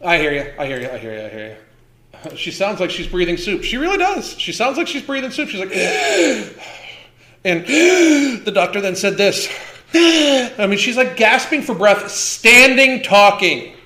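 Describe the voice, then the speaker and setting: This fifties-aged livestream host rants with lots of cursing, hammering his points through emphatic repetition. He talks quickly in a sharp, high voice with big pitch swings, and the room echoes.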